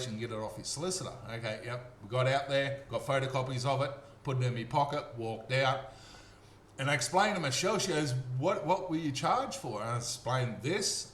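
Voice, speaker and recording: An Australian man telling a story in a casual monologue, animated and acting out the voices of the people he quotes. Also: mid-range voice. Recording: echoey room with faint hum.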